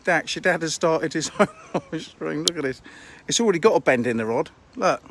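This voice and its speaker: A fishery owner with a fairly high, slightly bright voice live streams from a handheld phone, talking a bit fast and animatedly. He rambles casually, teasing himself as he shows things to the camera.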